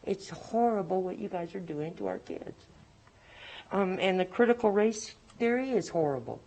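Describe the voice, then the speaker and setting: A woman giving an agitated, halting public comment to a school board, complaining about its policies. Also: on the low side, sing-song, mellow, slight background noise, poor audio.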